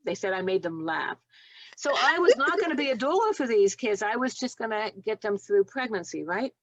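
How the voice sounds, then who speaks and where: A woman's voice: medium pitch, dry recording, muffled recording. A woman in her sixties, a nurse and doula, telling stories in a podcast interview, acting out the dialogue and laughing often. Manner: animated storyteller who acts out dialogue and laughs often.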